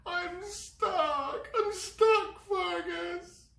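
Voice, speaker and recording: A man's voice: very slow, vocal fry, a bit bright, heavily acted. A man doing Sylvie, a tearful wailing young girl. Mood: terrified, tearful. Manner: high wailing cries. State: crying. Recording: roomy, mic at a distance.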